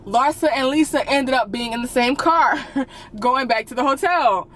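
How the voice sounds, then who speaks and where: A woman's voice: sits high, moderate pace, a bit bright. Sassy woman recapping reality TV. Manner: sassy, blunt, slangy commentary. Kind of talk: casual episode recap.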